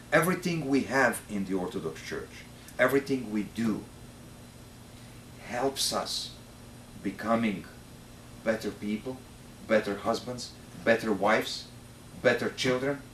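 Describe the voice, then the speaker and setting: A priest from Serbia with a Serbian accent, a native Serbian speaker, giving an animated retreat talk and acting out dialogue as he tells a story. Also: medium pitch, a little hiss or hum. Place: retreat center hall. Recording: roomy, distant mic in a hall.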